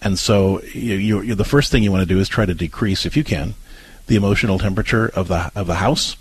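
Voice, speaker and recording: A man with a lowish, husky voice talks through parenting advice on a talk show. He explains earnestly and patiently, often restarting his sentences as he thinks. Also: quick pace.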